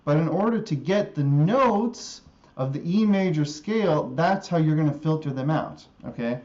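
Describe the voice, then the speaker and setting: Guitar teacher explaining scales patiently. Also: male voice, fairly high pitch, lively intonation, darkish tone, muffled recording. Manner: patient, repeats formulas slowly, checks in with okay. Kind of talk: live-streamed music theory lesson. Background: guitar playing.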